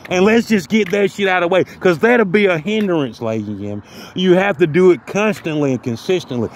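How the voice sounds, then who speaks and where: A man's voice: high-pitched, animated, a little fast, slight background noise. Ranting man, mock pep talk. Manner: mock-motivational, repeats phrases, heavy cursing. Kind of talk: profane comic rant.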